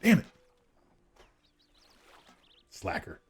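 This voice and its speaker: A man streaming a farming game, chatting casually with viewers, rambling, laughing often and restarting his sentences. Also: drawn-out words. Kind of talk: casual live-stream chat while gaming.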